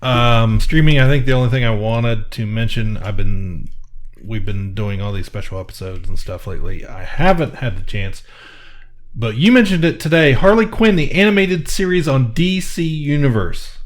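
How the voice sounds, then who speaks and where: A man's voice: medium pitch, expressive, normal speed. An easygoing man with a mid-range voice co-hosts a casual podcast. He hesitates often and gives his views with plenty of fillers. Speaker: podcast co-host. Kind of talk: casual chat.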